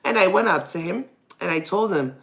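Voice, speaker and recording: Candid mom-host, lowish voice, chatty and rambling, laughs off her nerves. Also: lively intonation, brisk, vocal fry. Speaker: podcast host, mother. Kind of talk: casual personal storytelling.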